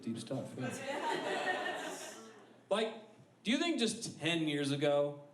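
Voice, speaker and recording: Animated man doing stand-up. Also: mid-range voice, far from the mic. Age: 30s. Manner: rambling, self-deprecating storytelling with act-out voices. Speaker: stand-up comedian. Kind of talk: stand-up comedy set. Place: comedy club stage. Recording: echoey club room with ambient noise.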